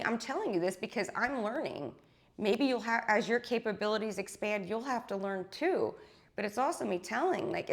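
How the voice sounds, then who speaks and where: A woman spiritual teacher giving an intense, blunt monologue to her followers, swearing freely and often tagging her points with a question. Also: mid-range voice.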